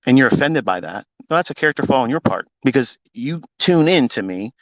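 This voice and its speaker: A middle-aged man, a trading mentor, giving a blunt, swearing, preachy rant into a phone, with big swings in pitch and pace. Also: expressive, brisk, a bit bright, no echo, poor audio. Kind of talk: unscripted motivational rant.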